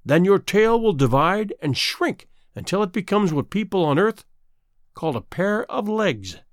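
A cruel sea witch taunts in a raised, sing-song voice, as a man reading a storybook puts her on. She stretches her words slowly and lets them rise and fall widely. The sound is close and dry. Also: high voice, big pitch swings, dry recording, voice pushed up. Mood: taunting. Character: cruel scheming female sea witch, mocking.

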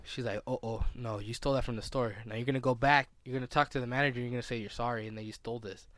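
A young man talks loosely on a podcast at an average pitch. He rambles and restarts his sentences a lot. The sound is dry and close. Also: fairly even intonation, rapid-fire, a bit bright, no room sound. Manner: rambling, many fillers and restarts. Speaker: podcast co-host. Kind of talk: casual chat.

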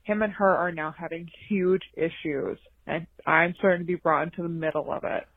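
A woman's voice: lowish voice, fairly even intonation, moderate pace, no room sound. Woman, early twenties, caller asking for advice, voice message, tinny phone-like sound. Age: 20s. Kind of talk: recorded voice message. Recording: phone-like lo-fi audio.

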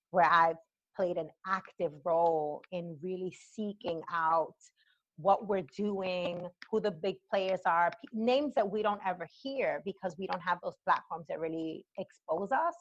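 A young woman from the Bronx, chatting animatedly as a podcast guest. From the Bronx, New York. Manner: animated, acts out her own past reactions with bursts of pitch. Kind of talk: casual interview chat. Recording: dull lo-fi dry sound.

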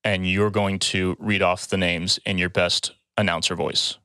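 A man's voice: deep voice, flat delivery, unhurried, bright, forceful tone, dry recording. Easygoing man hosting a podcast. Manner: laid-back, explains rules, laughs often. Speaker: podcast host and draft moderator. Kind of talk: casual chat.

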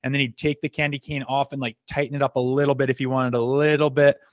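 A laid-back middle-aged man from Canada, a former hockey player guesting on a podcast, tells casual, rambling stories, laughing often and cursing freely. He talks fast in a flat delivery with a medium, ordinary middle-register voice. The recording is close and dry, with no echo or room sound.

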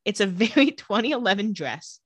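This podcast co-host chats through a TV show episode, performing the characters' dialogue in playful voices. She speaks fairly quickly at a medium pitch, with lively intonation and a breathy edge, and there's no room sound.

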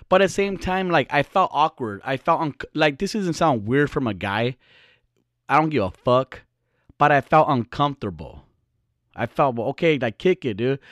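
A man's voice: mid-range voice, no room sound, clean studio sound. A young man hosting a podcast, telling stories in a loose, profane, rambling way full of slang and restarts. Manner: slangy with fillers like "dude" and "like". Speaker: podcast host. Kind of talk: casual podcast storytelling.

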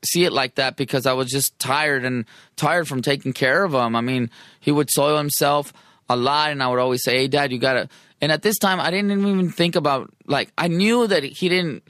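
A man's voice: fairly high pitch, moderate pace, fairly bright tone, dry recording, clean studio sound. A man speaking in a blunt, profane way with street slang, recounting his life in a casual conversation. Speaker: guest telling his life story.

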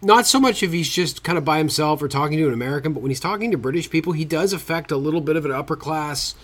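A man's voice: fairly high pitch, quick pace. A man co-hosting a podcast, chatting casually about a film in a brash, joking way and swearing freely. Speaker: podcast co-host. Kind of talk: casual film review chat.

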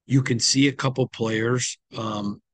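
A man's voice: mid-range voice, fairly even intonation, unhurried, dry recording. A man hosting a sports team recap podcast, talking in a conversational, opinionated way with frequent ums, sounding tired. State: tired, yawning. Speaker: sports team insider host.

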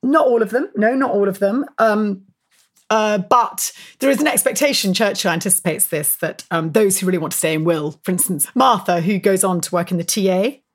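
This is a woman guest in an interview, relating stories with brisk enthusiasm. She laughs easily and peppers her talk with "um" and "you know". Her voice sits at a mid pitch. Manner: lively, laughs often, frequent fillers and restarts. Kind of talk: animated storytelling interview.

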